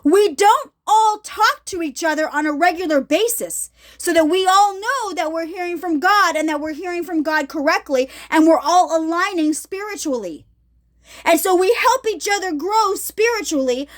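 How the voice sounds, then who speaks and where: A woman's voice: very high-pitched, expressive, moderate pace. A middle-aged woman giving an emphatic, casual testimony vlog from her ministry, checking in with her viewers often. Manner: emphatic, addresses viewers directly with repeated check-ins. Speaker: ministry vlogger.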